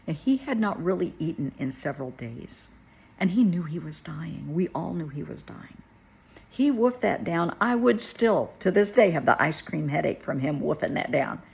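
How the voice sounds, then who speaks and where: A middle-aged woman tells a personal story, her voice gravelly and very husky. She speaks softly and tearfully, sometimes sinking to a whisper, with a fairly low pitch. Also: lively intonation, moderate pace. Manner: tearful, soft-spoken, drops to a whisper at moments. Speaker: therapist.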